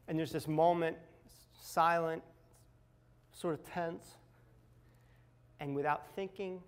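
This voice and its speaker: A middle-aged man with a somewhat high voice recounts a personal ordeal in a candid, confessional way. He builds tension, then drops to near-whispers at the tense moments. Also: fairly even intonation, takes it slowly, pauses often, clear, resonant tone. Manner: candid, dramatic retelling with acted quotes and swings from loud to hushed. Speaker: speaker sharing a personal recovery story. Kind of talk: personal storytelling talk.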